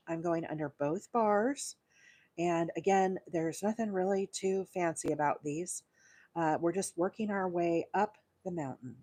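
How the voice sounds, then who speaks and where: A woman's voice: fairly low pitch, a little mellow. A woman from Alabama, patiently talking viewers through a crochet pattern step by step on a live stream. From Alabama, USA. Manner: patient step-by-step instruction, counting stitches aloud, frequent fillers. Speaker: crochet livestream host.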